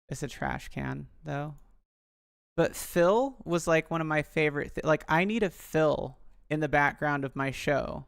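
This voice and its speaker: A man's voice: a little high, measured pace, creaky, smooth, no room sound, clean studio sound. A young man rambling on a live stream, talking to his viewers and poking fun at himself. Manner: chatty, self-deprecating, addresses viewers.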